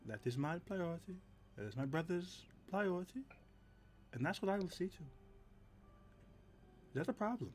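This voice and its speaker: A man's voice: high voice, normal speed, long pauses, a little hiss or hum, pitched above the performer's own voice. A man voicing a protective male bodyguard who speaks plainly and firmly. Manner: plain, firm, steady.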